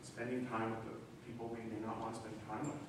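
Animated preacher in an echoey hall. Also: male voice, lowish voice, fast talker. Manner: animated, acts out voices in quoted dialogue. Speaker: pastor. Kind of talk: sermon. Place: church hall. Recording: echoey room from a distance, faint noise.

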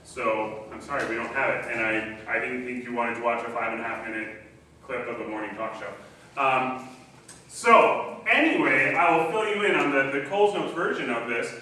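A male pastor preaches a conversational sermon in a church sanctuary, his medium-pitched voice bright and forceful, with lively intonation at a moderate pace. He talks in a casual, chatty way, often saying um and restarting. The recording comes from a distant mic in a very echoey hall, with faint hiss.

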